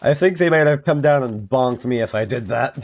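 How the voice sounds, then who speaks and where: A man's voice: mid-range voice, brisk. A man streaming a game, chatting casually in a rambling, self-mocking way with playful voice bits. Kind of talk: casual chat while playing a game.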